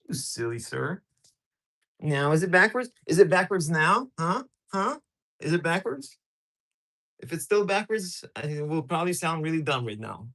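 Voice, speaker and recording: A man with a slightly raised pitch hosts a casual live stream and talks straight to his viewers. He is excitable and teasing, and he jumps from one chat message to the next. He is recorded on a camera set on a tripod.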